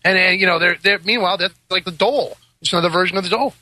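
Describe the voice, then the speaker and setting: A male host spins long stories in a relaxed, joking way, with sarcastic asides and laughs. His voice sits high and very bright. The sound is dry and close, with no room around it. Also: very fast, dry recording. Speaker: podcast host. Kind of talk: casual chat.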